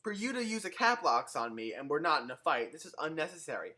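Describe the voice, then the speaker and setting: A young man ranting sarcastically into his own camera in a comedic vlog, animated and given to swearing. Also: a little high, fast talker. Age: young adult. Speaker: vlogger.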